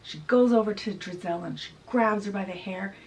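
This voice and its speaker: A woman's voice: mid-range voice, brisk, darkish tone, a little hiss or hum. Woman, casual book summary vlog, chatty storytelling, slightly distant mic. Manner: chatty, storytelling, with fillers like "she's like". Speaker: book vlogger.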